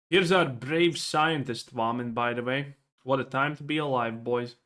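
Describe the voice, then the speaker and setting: A man's voice: medium pitch, fairly bright tone. A young man reviewing a video game in an exasperated, profane and sarcastic rant. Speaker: gaming video creator.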